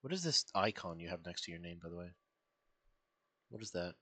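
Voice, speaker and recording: A man streaming a reaction, rambling and excitable, full of fillers and restarts. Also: deep voice, a little fast. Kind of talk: casual reaction commentary.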